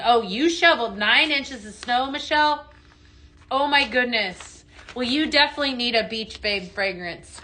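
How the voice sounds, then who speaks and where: A woman's voice: high voice, bright, forceful tone, slight background noise. A woman hosting a chatty live home-decor sales stream from her home, reading viewer comments aloud.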